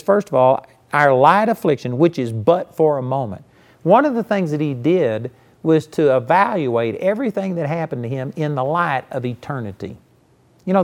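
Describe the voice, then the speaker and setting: A man with a mid-range, darkish voice preaches a conversational sermon, folksy and emphatic. He makes his point through personal stories and says "you know" frequently.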